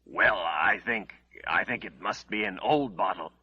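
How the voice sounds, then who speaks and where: A man's voice: low-pitched, a little slow, slightly rough, muffled recording. A man voicing a scheming young man who evasively pleads innocence to his mother in an audiobook. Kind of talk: audiobook character voice.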